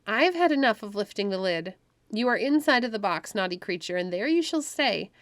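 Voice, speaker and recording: A woman's voice: medium pitch, lively intonation, brisk, no echo, close to an everyday voice. A woman doing a young, earnest girl. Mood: upset. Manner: earnest, pleading. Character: curious, tearful young girl, Pandora. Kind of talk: storybook read-aloud.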